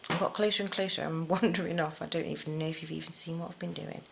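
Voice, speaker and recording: A middle-aged woman from the talks through a crochet tutorial in a rambling, self-deprecating way. Her voice sits low with a gravelly fry, and the recording sounds a little dull and lo-fi. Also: fairly even intonation, fast, a little hiss or hum. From England. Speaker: crochet teacher. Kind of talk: casual spoken tutorial.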